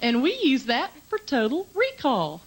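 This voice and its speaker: Woman doing stand-up on a talk show, brisk and chatty, hissy clicky old tv tape. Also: high voice, big pitch swings. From Georgia, US. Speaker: stand-up comedian.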